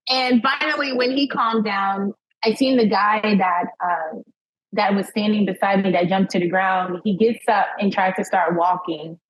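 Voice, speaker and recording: A young woman guest telling a personal story in an interview, animated and acting out what people said, often breaking into laughter. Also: medium pitch, normal speed, husky. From United States. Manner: animated retelling, acting out quotes, frequent laughs and "like". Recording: dull lo-fi podcast sound.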